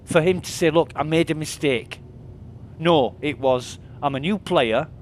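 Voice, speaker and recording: A man's voice: a little high, measured pace, slight background noise. A man streaming a game, venting in a casual, exasperated way and swearing as he retells an argument. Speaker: livestreamer. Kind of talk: casual gaming livestream rant.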